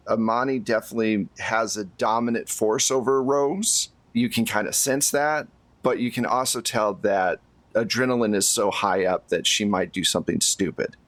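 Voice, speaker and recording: A man as game master, narrating scenes in a measured, descriptive way. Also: fairly low pitch, fairly bright tone, no echo.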